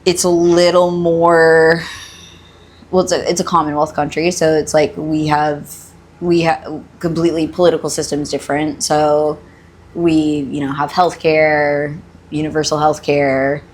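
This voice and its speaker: A woman's voice: low-pitched, level tone, a little slow, slight background noise. A woman in her twenties who grew up in Australia, chatting as a podcast guest in a rambling, self-correcting, jokey way. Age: 20s. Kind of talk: casual chat.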